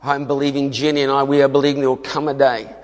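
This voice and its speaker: A man's voice: mid-range voice, flat delivery, fast. A man, preaching a sermon as an emphatic storyteller who laughs often. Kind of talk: sermon testimony. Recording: long hall reverb.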